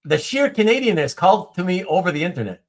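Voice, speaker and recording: A man hosting a casual livestream chat, reading viewer comments aloud, with animated speech and stumbling restarts. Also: high-pitched, fast, over a noisy crowd. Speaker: host.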